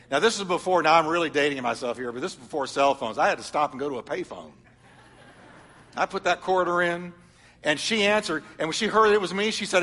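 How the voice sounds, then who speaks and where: A middle-aged man preaching a sermon, telling stories and swinging from loud emphatic lines to soft confiding ones. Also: sits high, brisk, in a large hall. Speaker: pastor.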